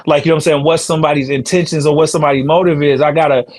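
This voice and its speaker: Podcast host, man in his 30s, slangy easygoing storyteller, voice a touch high. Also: steady tone, rapid-fire, darkish tone. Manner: laid-back slangy storyteller, laughs between lines. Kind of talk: casual storytelling chat.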